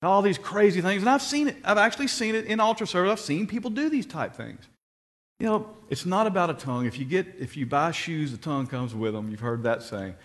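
A man preaching a sermon, telling stories and rising to excited shouts when he quotes people. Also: high voice, fairly quick. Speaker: pastor.

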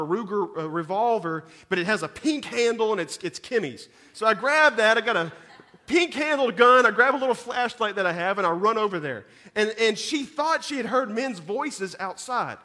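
A man, preaching a sermon that moves between scripture reading, prayer and lively storytelling, often repeating words as he goes. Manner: animated storyteller, repeats words, rises in pitch and volume at dramatic moments. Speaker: pastor.

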